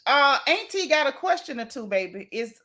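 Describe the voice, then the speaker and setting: A middle-aged woman vlogger chatting to her viewers in a lively, exclaiming way. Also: high-pitched, moderate pace. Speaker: gossip vlogger. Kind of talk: casual commentary to viewers.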